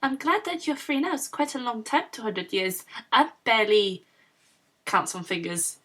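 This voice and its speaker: A woman playing a timid, naive young male adventurer who speaks softly and earnestly. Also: on the high side, moderate pace, voice pushed down.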